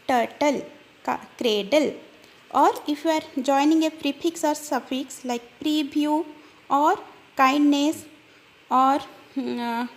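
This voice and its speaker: A woman teaches a grammar lesson in a high voice, taking her time and saying example words slowly. She breaks words into parts and fills gaps with small hesitations as she explains. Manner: slow, deliberate explanation with fillers and restarts, spelling out word parts. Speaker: English teacher.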